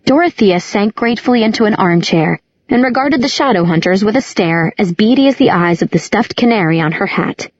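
A woman narrating an audiobook in a measured, descriptive manner. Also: medium pitch, expressive, dull audio. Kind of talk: scripted narration.

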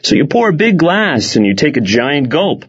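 A man narrates a first-person audiobook, wry and expressive. His pitch moves a lot, with lively rises and falls. The recording is dull and lo-fi. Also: normal speed, slightly rough.

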